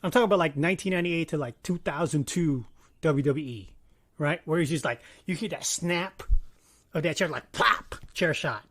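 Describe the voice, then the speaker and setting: A man in his thirties giving a casual commentary monologue, animated, swinging between loud bursts and quiet asides and swearing freely. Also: a little high, brisk, dry recording. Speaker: commentary vlogger.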